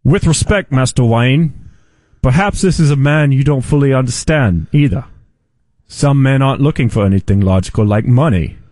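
A man doing an imitation Cockney accent as a solemn older butler, dropping low at the ends of phrases. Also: expressive, moderate pace, darkish tone, dry recording, natural voice.

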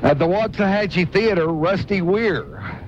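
A man's voice: big pitch swings, measured pace. A man co-hosting a radio show, reading concert listings between jokes from the others. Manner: reads listings, laughs between items. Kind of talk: casual radio banter. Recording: muffled radio recording with faint rumble.

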